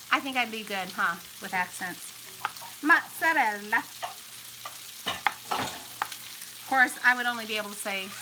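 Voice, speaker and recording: Chatty woman cooking over a sizzling pan. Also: on the high side. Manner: chatty, bubbly, talks to viewers while cooking. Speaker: cooking vlog host. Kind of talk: casual cooking demonstration. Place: home kitchen. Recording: noisy kitchen with sizzling pan. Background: frying and sizzling food.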